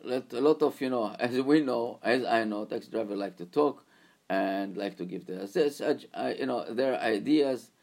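Gravelly man telling a story. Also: mid-range voice, darkish tone. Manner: halting, repetitive, informal.

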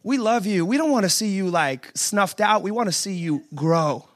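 A man pastor giving a humorous, conversational sermon at a church service, joking with the room and building to emphatic shouts. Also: high voice, animated, moderate pace.

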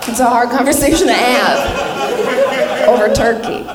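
A young woman doing stand-up comedy on a club stage, delivering dark punchlines deadpan with chatty fillers. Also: fairly high pitch, a little slow. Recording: echoey club, audience laughing. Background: crowd laughter.

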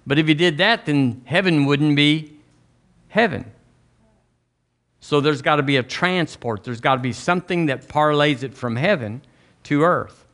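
Folksy man preaching, pitched a bit high. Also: unhurried, long pauses, a bit bright. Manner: folksy, emphatic preaching with rising bursts on key lines. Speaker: pastor. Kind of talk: sermon. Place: church sanctuary.

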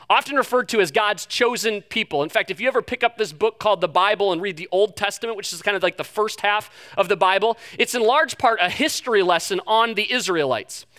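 Bright, high-voiced storytelling pastor man. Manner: storytelling, animated and self-deprecating. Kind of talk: sermon.

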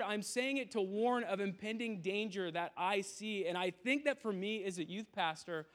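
A man's voice: sits high, normal speed, few pauses, fairly bright tone. A youth pastor in his thirties giving a sermon in a tent, talking in an earnest, conversational way with frequent restarts and asides. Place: large tent used as an auditorium.

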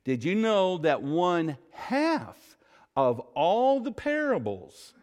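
A man preaching a sermon as pastor, telling stories with emphatic, drawn-out stresses and saying "y'all". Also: high voice, very animated, darkish tone, long reverb tail. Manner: Southern "y'all".

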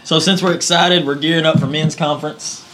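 A man's voice: a little high, fairly even intonation, brisk, fairly bright tone, faint music behind. A man hosting a church interview, introducing it and asking questions in an upbeat, enthusiastic way.

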